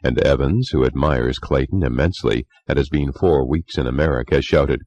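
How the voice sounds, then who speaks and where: Very deep-voiced male audiobook narrator. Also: a little mellow, no echo. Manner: measured storytelling.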